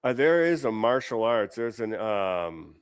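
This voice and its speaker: Lowish-voiced guy hosting, rambly and sweary, lots of "you know", dry close sound. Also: very animated, a little slow, clear, resonant tone, dry recording. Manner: rambling, profane, full of "you know" fillers; amused, laughs often. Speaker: host. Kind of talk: casual reaction commentary.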